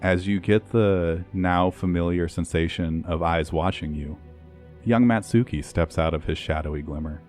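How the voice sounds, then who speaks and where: A man narrating a tabletop game as game master, in slow, dramatic descriptive narration. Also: deep voice, darkish tone, soft background music.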